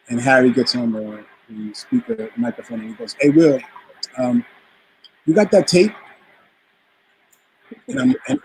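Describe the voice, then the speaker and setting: Over poor audio with slight background noise, a man from the Bronx speaks in a mid-range voice as a guest musician in a casual interview. He spins an animated anecdote, performing the voices of the people he quotes.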